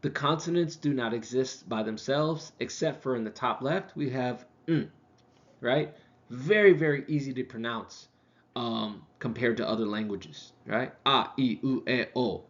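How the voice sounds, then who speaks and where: A man teaching a casual language lesson, with lots of ums, who slows down to sound things out. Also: mid-range voice, fairly bright tone. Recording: dull lo-fi recording.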